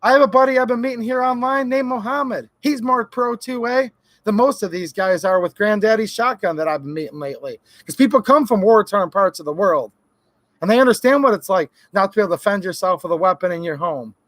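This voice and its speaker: Heated, sarcastic man with a high voice. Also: fairly quick, a bit bright, no room sound. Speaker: host of a live Q&A stream. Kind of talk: ranting live-stream talk.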